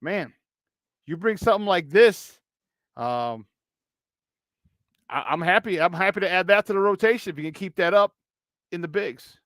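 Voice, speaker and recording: Guy hosting a sports talk show, high-ish voice, super animated, dry close mic. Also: normal speed, pauses often, no echo. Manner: animated, swings loud and soft, laughs often. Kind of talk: casual sports talk, reading live chat.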